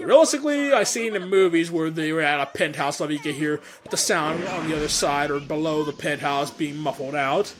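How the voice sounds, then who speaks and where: A man's voice: on the high side, fairly bright tone. A man giving a casual, rambling director's commentary on his fan dub, laughing often, into a condenser mic. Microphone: USB condenser mic.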